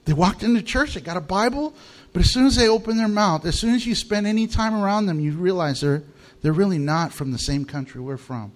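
A male American pastor delivers a sermon in a bright, fairly high voice that swoops up and down. He tells funny stories with lots of animation and often laughs at his own jokes before moving to scripture. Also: lively intonation, fairly quick. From United States. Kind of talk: humorous sermon.

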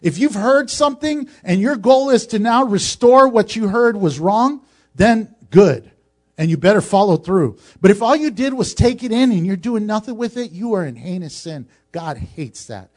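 A man's voice: high-pitched, lively intonation, moderate pace. A male pastor preaching a sermon in a conversational way, with joking asides.

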